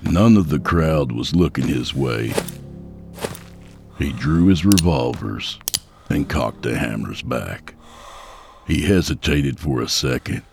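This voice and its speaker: A man narrating a dark story in a measured, grave voice. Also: extremely low pitch, lively intonation, vocal fry, soft background music. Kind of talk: dramatic audiobook narration. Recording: gunfire sound effects behind.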